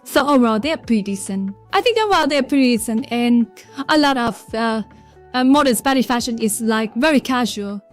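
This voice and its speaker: A woman's voice: on the high side, lively intonation, fairly quick. A woman with a Vietnamese accent chatting casually on a livestream, rambling and greeting viewers from chat by name. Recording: faint background music.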